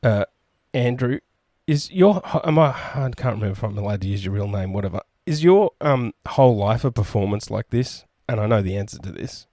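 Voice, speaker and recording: Man, podcast co-host, crude mocking banter, mellow tone, dry close sound. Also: fairly low pitch, expressive, fairly quick, few pauses, no echo. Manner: mocking, insulting.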